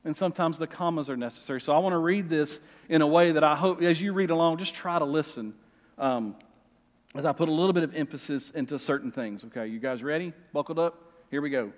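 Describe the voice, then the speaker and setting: A middle-aged male pastor preaching a sermon in a church, expressive and joking with the congregation. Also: fairly high pitch, quick pace. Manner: lively, expressive, jokes with the congregation. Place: church sanctuary. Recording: long reverb of a church hall.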